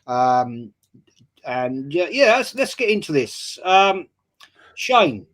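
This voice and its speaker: A man's voice: on the high side, sing-song, slow pace, a bit bright. A man hosting a casual football chat show, greeting viewers by name and chatting loosely. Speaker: podcast host.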